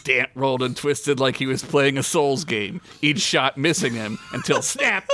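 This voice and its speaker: A man's voice: mid-range voice, big pitch swings, a little slow, bright, forceful tone, a little hiss or hum. A man hosting a comedy podcast, reading his own silly adventure story aloud with jokey asides and frequent laughter. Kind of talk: comic story reading with banter.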